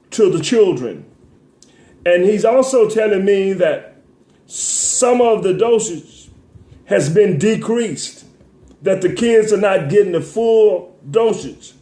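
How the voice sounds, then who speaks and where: A man's voice: high-pitched, warm tone, reverberant. A man hosting a talk show, speaking in an emotional, tearful commentary with a preacher-like cadence, stammering and repeating words as he sniffles.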